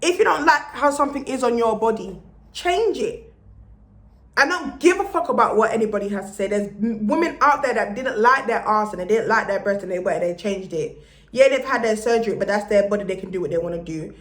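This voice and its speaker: A woman's voice: mid-range voice, lively intonation, a little fast. A young woman giving a blunt, profane motivational vlog rant and slipping into Jamaican-style patois. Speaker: vlogger. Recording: roomy echo.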